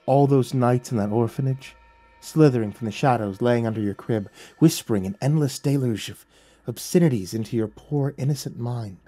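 A man voicing a gentle male angel messenger, speaking softly, solemnly and slowly in a dark, husky voice. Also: medium pitch, natural voice. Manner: soft, solemn, slow and pleading.

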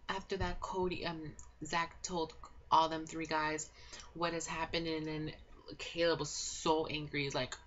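A woman's voice: low voice, level tone, a little slow, a bit bright. A young woman giving a rambling, gossipy recap of a reality show in a casual chat, full of fillers and restarts. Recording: dull lo-fi home recording with faint noise.

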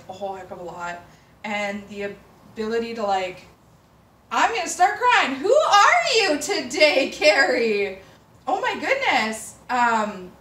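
A woman chatting casually to camera as a fashion vlogger, rambling and emotional, with bursts of excitement. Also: on the high side, slight background noise. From Canada. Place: apartment room with door open, city sirens outside. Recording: roomy, mic at a distance. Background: faint city ambience.

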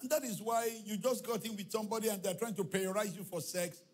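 A man's voice: high voice, fast talker. A male pastor preaching a sermon in a church, telling stories with acted-out dialogue and chanted refrains. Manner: animated storytelling preacher, acts out dialogue, shouts and chants. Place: church hall.

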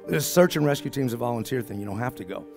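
A man's voice: medium pitch, animated, fast, gravelly, soft background music. A middle-aged man from the New Orleans area with a New Orleans accent, telling a folksy story at a business talk and acting out the dialogue. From New Orleans area, Louisiana. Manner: folksy, acts out quoted dialogue. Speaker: speaker at a business summit.

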